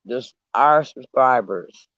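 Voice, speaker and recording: A man hosting a casual livestream, talking slowly with long pauses and eating as he speaks. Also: mid-range voice, lively intonation, fairly bright tone, dry recording, highs cut off. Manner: unhurried, pausing, eating while talking. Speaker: channel host. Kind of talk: slow casual livestream chat.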